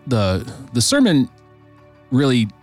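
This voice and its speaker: A man hosting a podcast in a studio, chatting casually and haltingly, with frequent restarts. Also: medium pitch, huge pitch swings, soft background music. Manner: halting, many restarts and fillers. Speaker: podcast host. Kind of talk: casual chat.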